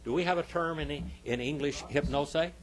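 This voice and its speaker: Here a man with a fairly high voice teaches a church Sunday school class at a moderate pace. He veers between loud, insistent bursts and quiet asides, repeating phrases for emphasis, and the recording carries a slight hiss or hum.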